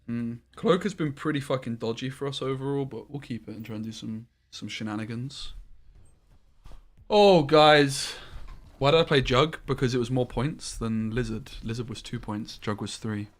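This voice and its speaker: A man's voice: mid-range voice, a little fast, hardly any pauses. A man streaming a card game live, thinking aloud about each play and swearing casually as he goes.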